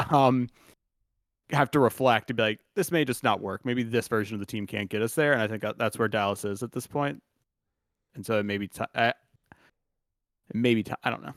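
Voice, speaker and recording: A man's voice: mid-range voice, no room sound, clean studio sound. Loose, joking man on a podcast. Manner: loose, rambling, jokey, laughs often. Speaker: podcast co-host. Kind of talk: casual sports chat.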